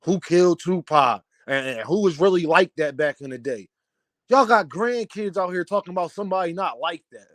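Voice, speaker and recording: Young male commentator, heated and preachy, higher-pitched voice, dry close recording. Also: animated, moderate pace, fairly bright tone, no echo. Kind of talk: opinion rant to camera.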